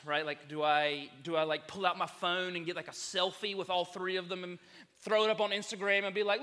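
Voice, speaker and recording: A man's voice: high voice, moderate pace, sharp tone, big-room sound. A young man from South Carolina, preaching as a campus minister in a chatty, humorous storytelling manner. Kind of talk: sermon.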